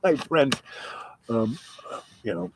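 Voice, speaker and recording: A man with a mid-pitched voice spins a casual anecdote. He rambles, backtracks and restarts his sentences, with a soft chuckle here and there, over faint background noise. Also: big pitch swings, slow pace, rough recording. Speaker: storyteller.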